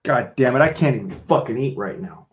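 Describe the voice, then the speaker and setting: A man's voice: mid-range voice, lively intonation, fairly quick. A man hosting a livestream, delivering a heated, profane political rant while he is angry and worked up. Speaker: livestream host.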